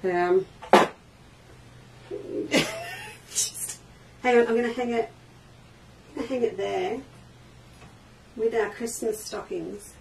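Her voice is a little high and creaky, and she takes her time, leaving long pauses. She is a quilting shop host doing a live crafting demo indoors in a craft studio, chatting with viewers and reading their comments aloud, recorded on a distant mic with faint noise.

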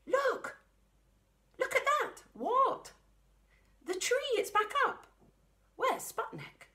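A woman voicing an excited young child in a storybook reading, with a high, loud, exclaiming voice. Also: very slow, heavily acted.

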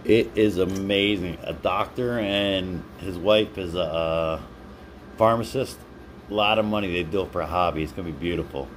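A man's voice: low voice, normal speed, a little hiss or hum. A man hosting a casual live stream, chatting with viewers by name and laughing often while he reads their comments. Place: home.

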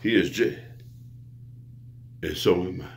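Deep gravelly man preaching profanely. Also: unhurried. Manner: profane, grandiose, lecturing the viewer. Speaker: self-styled preacher. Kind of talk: rambling preaching monologue.

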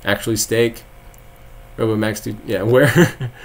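A man's voice: lowish voice, fairly even intonation, a little slow. A young man from Texas, live-streaming and chatting casually with viewers, rambling with frequent laughs and sarcastic asides.

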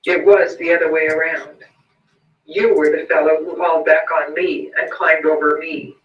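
A man voicing a calm, composed insurance salesman in a read-aloud story, matter-of-fact. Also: on the high side, normal speed, lightly acted. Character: calm, composed middle-aged businessman. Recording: roomy, distant, muffled recording.

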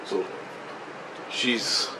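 A man telling a rambling, profane story in a casual vlog, getting excitable as he goes. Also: drawn-out words, a little hiss or hum, low-quality recording. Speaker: vlogger.

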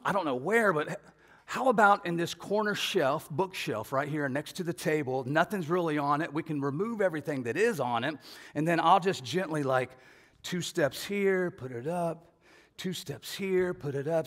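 A man preaching a sermon as a pastor, telling a family story in an animated way and acting out voices with shouts and laughs. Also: fairly high pitch. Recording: long hall reverb.

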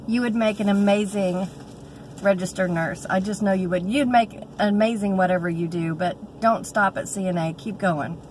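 A woman in her thirties with a drawl talks casually to her viewers in a chatty, heartfelt way. She pauses on fillers and restarts often. She records on a phone held at arm's length in a car, with faint vehicle noise behind her. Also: mid-range voice, rough recording. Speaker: vlogger. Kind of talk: casual chat vlog.

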